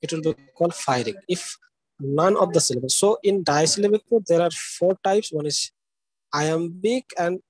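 A man's voice: fairly high pitch, moderate pace, a little mellow, breathy edge, dry recording, poor audio. A man giving a live university lecture. He explains step by step, keeps asking "okay?" and spells out words letter by letter. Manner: explanatory, checks understanding with frequent "okay?".

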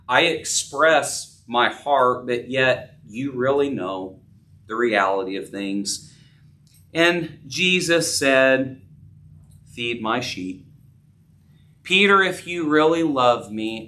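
Earnest preacher man, bright and distant. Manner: earnest, acts out dialogue with rising pitch. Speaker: pastor. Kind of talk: sermon. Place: church sanctuary. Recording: distant from the mic.

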